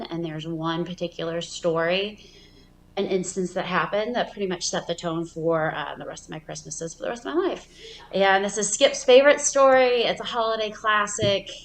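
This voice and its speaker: A woman's voice: lowish voice, normal speed, echoey room, poor audio. A woman in her thirties telling a childhood story in a stand-up comedy set, casual and rambling with lots of fillers. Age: 30s.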